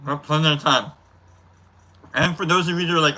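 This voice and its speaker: A man's voice: fairly high pitch, fast talker, bright, forceful tone. A man hosting a casual live stream, talking with his mouth full and telling a rambling, jokey story. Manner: talking while eating.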